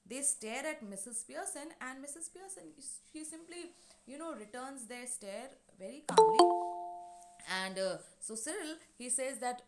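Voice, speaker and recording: Higher-voiced woman teaching a class. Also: animated, unhurried, faint music behind. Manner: recaps scenes with frequent fillers and hesitations. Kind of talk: explaining a play to a class.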